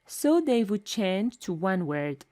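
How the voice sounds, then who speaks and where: A woman gives a scripted English pronunciation lesson at a very slow, deliberate pace. She repeats every example word twice and articulates each sound with care. Her pitch moves in wide, lively swings.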